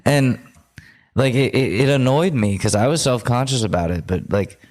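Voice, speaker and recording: A man's voice: mid-range voice, expressive, brisk, darkish tone. A man in his twenties co-hosting a podcast, telling loose, self-deprecating stories in casual chat. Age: 20s. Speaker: podcast co-host.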